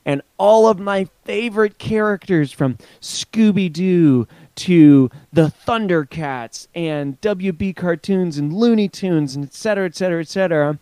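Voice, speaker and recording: A man co-hosts a casual podcast with a playful, teasing manner. His voice sits a little higher than most men's. The recording is dry, with no room sound. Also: measured pace, hardly any pauses, warm tone, smooth, no echo. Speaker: podcast co-host.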